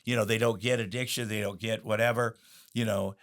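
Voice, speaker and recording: A man's voice: fairly low pitch, little pitch movement, fairly quick, fairly bright tone. A middle-aged man, a guest on an interview show, telling candid stories in a rambling way, with many fillers and restarts.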